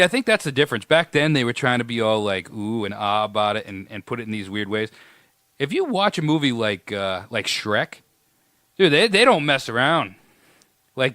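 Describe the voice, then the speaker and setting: A man's voice: medium pitch, bright, forceful tone, dry recording. A man with a New England accent co-hosting a podcast, telling stories in easygoing casual chat. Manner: easygoing storyteller. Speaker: podcast co-host.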